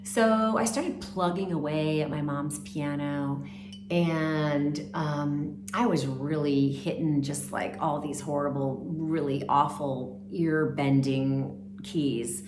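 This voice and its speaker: A woman telling her career story in a casual, animated way with chatty fillers. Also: low-pitched, slow, background noise. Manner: animated, acts out quoted voices, chatty fillers. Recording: roomy echo.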